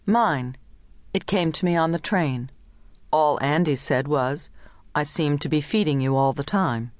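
A woman's voice: sits low, measured pace, no echo. A woman narrator voicing a wife who states her decision plainly. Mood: firm.

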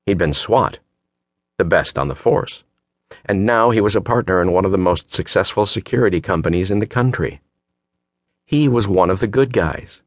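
A man narrating an audiobook in a steady, measured way, recorded on a close studio mic. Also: sits low, no echo. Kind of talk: scripted narration. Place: recording booth.

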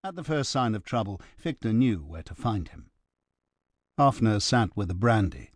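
Low, dry-voiced male narrator. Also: sing-song, unhurried, dry recording. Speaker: audiobook narrator. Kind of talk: scripted narration.

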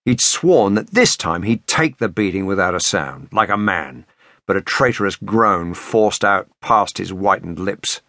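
A low-pitched man narrates a suspense audiobook with measured, expressive delivery. His pitch moves in a lively way, and the recording is dry and close. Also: no room sound. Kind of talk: scripted narration.

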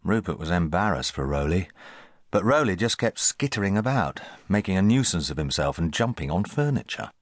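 A man reading a children's audiobook in scripted, expressive narration on a close studio mic. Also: deep voice, fairly quick, dry recording. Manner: expressive storytelling.

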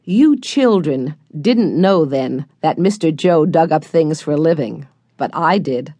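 A woman's voice: deep voice, expressive, measured pace, dark tone, no echo. Cheerful old boat captain, read by a woman. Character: friendly boat captain, cheerful older man.

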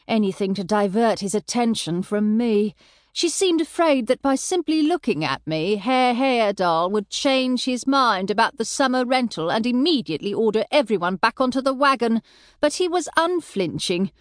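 A woman narrating a historical novel audiobook in the first person, with expressive storytelling. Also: a little high, moderate pace, no echo, studio quality.

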